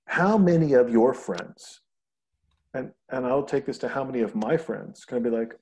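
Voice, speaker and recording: A man talking casually on a podcast, rambling and animated as he tells stories and swears freely. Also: mid-range voice, normal speed. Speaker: podcast host. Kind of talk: casual conversation.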